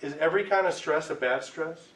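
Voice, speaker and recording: A man teaching a class in a relaxed, chatty way, often checking in with "right?". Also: a little high, fairly quick. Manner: conversational, keeps asking "right?". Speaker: tobacco cessation instructor. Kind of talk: classroom lecture. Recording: echoey room, mic far off, faint hiss.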